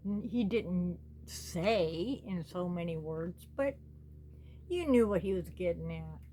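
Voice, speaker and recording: A woman from the United States, talking slowly and earnestly as host of her own small channel, pleading with her listeners. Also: on the low side, expressive, mellow, a little hiss or hum. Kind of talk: personal spoken commentary.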